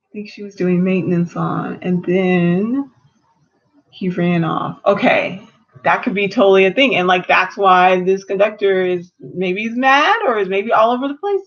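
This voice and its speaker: A woman's voice: mid-range voice, normal speed, lo-fi sound. A woman casually recapping a cartoon episode and sharing theories, retelling scenes and voicing the characters' lines as she goes. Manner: animated retelling, acts out dialogue in quotes. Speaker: episode reviewer.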